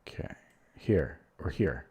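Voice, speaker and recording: Against heavy background noise, a man speaks slowly while streaming online chess live. He thinks aloud casually, muttering moves half to himself with rambling, self-deprecating asides.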